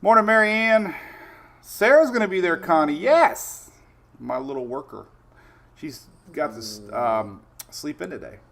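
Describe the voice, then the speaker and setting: A man's voice: fairly high pitch, lively intonation, measured pace, gravelly, fairly bright tone. Chatty man hosting a weather stream. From Florida Gulf Coast. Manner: chatty, greets viewers by name, tells stories with quoted asides. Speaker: weather show host. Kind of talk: casual livestream chat.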